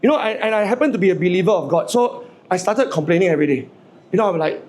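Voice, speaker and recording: Guy in his 40s, pretty high voice, funny motivational talk, stumbles and repeats himself, keeps asking the crowd stuff. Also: quick pace. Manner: lively, stammers and repeats words, jokes and asks the audience questions. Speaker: motivational speaker. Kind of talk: humorous public speech to a live audience.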